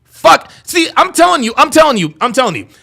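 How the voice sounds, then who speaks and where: A man's voice: extremely high pitch, big pitch swings, fairly quick, creaky, bright, forceful tone. A man hosting a livestream, reacting to a video and reading chat, profane and repeating himself in disbelief.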